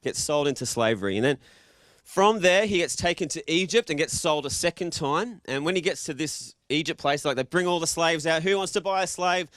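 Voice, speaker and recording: A man's voice: a little high, expressive, a little fast, fairly bright tone, no room sound, clean studio sound. An Australian man giving a casual, joking sermon to a live congregation, quizzing the audience as he goes. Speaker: preacher.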